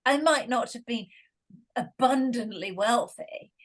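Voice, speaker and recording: A middle-aged Scottish woman talks as a guest in a relaxed conversation. She has a fairly high voice and is a chatty storyteller who laughs easily. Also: unhurried. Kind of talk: casual conversation.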